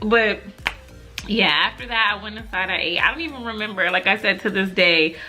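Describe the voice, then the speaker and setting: A woman's voice: medium pitch, a little fast, sharp tone, faint music behind. A young woman vlogger chatting casually to camera with lots of fillers, laughing as she tells stories.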